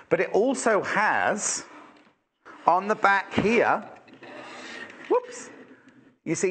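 A man hosts a live shopping show, talking chattily and teasing his colleagues. His voice sits fairly high and swings widely in pitch. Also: a bit bright, breathy edge. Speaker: shopping TV presenter. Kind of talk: live shopping channel chat.

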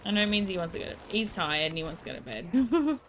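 A woman's voice: medium pitch, lively intonation, fast talker, fairly bright tone. A woman with an Australian accent, streaming and chatting casually with viewers, playful, laughing often and baby-talking to her dog.

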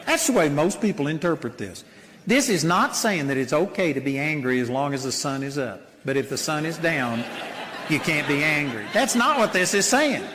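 Older preacher, high lively voice, folksy sermon delivery in a reverberant hall. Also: male voice, moderate pace. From Texas. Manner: animated, folksy storytelling with mock voices.

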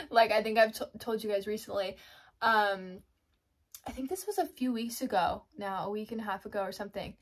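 A woman's voice: medium pitch, lively intonation, normal speed, long pauses. A woman giving a casual devotional talk, chatty, laughing often and acting out her own inner thoughts. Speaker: Christian devotional vlogger. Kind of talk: casual faith talk to camera.

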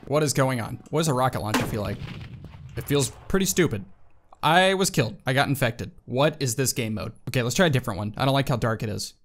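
An excitable man talking through a first-person shooter, his pitch swinging widely as he yelps and exclaims. His voice sits a little high for a man. Gunshots and game effects crackle loudly under everything he says. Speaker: gaming YouTuber. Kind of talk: casual let's-play commentary. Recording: loud game gunfire behind voice. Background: video game gunshots and effects.

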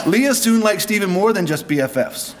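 A man's voice: high-pitched, very noisy. A man from Canada giving a joking wedding speech at a reception, reading prepared lines with humor. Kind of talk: wedding toast.

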